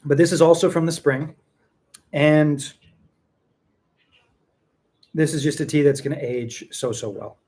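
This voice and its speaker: A man's voice: fairly high pitch, a little slow, pauses often, a little mellow, slight background noise. A man hosting a casual tea tasting chat, rambling and repeating himself for emphasis. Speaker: tea seller and show host.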